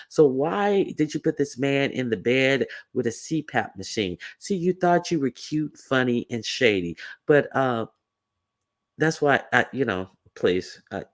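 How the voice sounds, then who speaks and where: Sassy rambling man on a livestream. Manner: rambling, sassy, with mocking high-voiced imitations. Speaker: livestream commentator. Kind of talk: casual livestream commentary reading chat.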